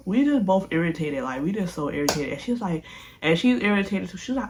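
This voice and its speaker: A young woman vlogger casually telling a storytime, animated and slangy, often repeating herself. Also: mid-range voice, unhurried, a little hiss or hum.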